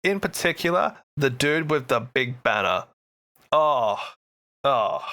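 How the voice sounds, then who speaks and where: Excitable male co-host with a bright, forward voice; casual, jokey hobby chat. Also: medium pitch, slow. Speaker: podcast co-host.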